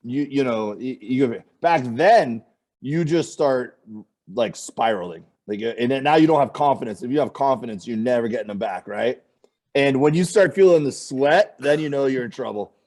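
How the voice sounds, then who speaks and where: A man's voice: mid-range voice, normal speed. A man, a comedian, telling stories in a casual chat and acting out the people in them. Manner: animated storyteller, acts out quoted voices. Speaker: comedian guest. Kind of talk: casual storytelling.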